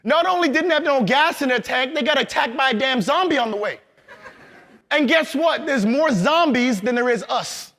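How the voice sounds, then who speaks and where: A man giving a loud, hyped motivational training talk to a live audience in a large event hall, calling on the crowd and laughing. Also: very high-pitched, animated, normal speed. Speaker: motivational speaker.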